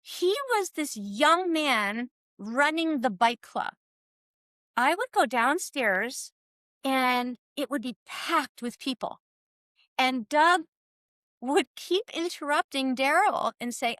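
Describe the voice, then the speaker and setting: A woman in her sixties from the US East Coast, telling animated stories as a guest in a casual chat and laughing often. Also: high-pitched, takes it slowly, dry recording, clean studio sound.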